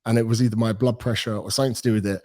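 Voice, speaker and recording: Rapid-fire and on the low side, the voice is that of a British man in his thirties, a personal trainer guesting on a casual podcast. He tells stories with lots of animation and acts out the dialogue.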